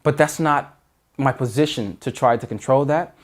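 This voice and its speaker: A man's voice: medium pitch, normal speed. A man giving dating advice in an earnest, emphatic monologue, often restarting sentences. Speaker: dating coach.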